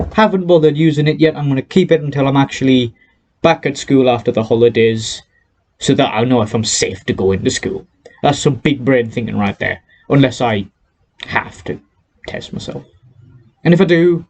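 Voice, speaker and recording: A man's voice: mid-range voice, a little mellow, a little hiss or hum. A teenage boy from North East England with a North East English accent, chatting cheerfully in a casual vlog and laughing between sentences, recorded on a headset mic. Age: teens. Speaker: YouTuber.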